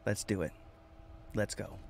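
A man chatting casually on a livestream from inside his van, reading viewers' comments aloud, talking to them by name and repeating himself with lively energy. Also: a little slow, no room sound. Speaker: vlogger reading live chat.

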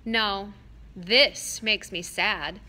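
A woman voicing an earnest, saddened young male satyr in a read-aloud story, speaking slowly at times. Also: on the high side, animated, pushed and bright. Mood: earnest, sorrowful. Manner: sad, earnest, slow at times.

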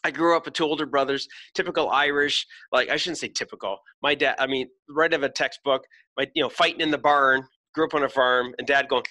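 Bright-voiced, foul-mouthed motivational man. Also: mid-range voice, steady tone, a little fast, hardly any pauses. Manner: blunt, heavy swearing, emphatic. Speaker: podcast host. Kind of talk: motivational podcast talk.

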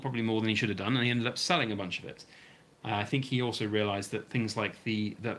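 This British streamer, mid-range in pitch with a fairly bright tone, reads out and rambles through replies to viewer comments on a long, casual stream. His voice is wearing thin and starting to go, with a little hiss or hum underneath.

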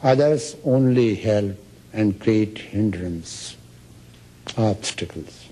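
A man's voice: lowish voice, drawn-out words, warm tone. A man giving a lecture on meditation as a spiritual teacher, telling stories and acting out the quoted speech. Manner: storytelling, acts out quoted speech.

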